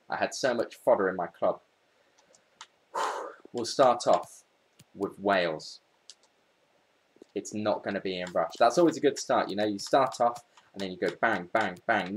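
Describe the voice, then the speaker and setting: A man's voice: fairly low pitch, a little hiss or hum. A man giving casual, chatty commentary over a video game pack opening, talking straight to his viewers as he goes. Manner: chatty, excitable, talks to viewers while searching. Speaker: gaming YouTuber.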